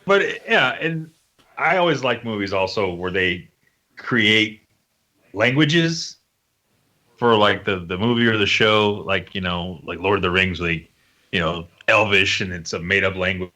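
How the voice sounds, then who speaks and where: A man casually chatting on a podcast, telling animated stories and laughing often. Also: on the low side, a little slow. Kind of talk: casual chat.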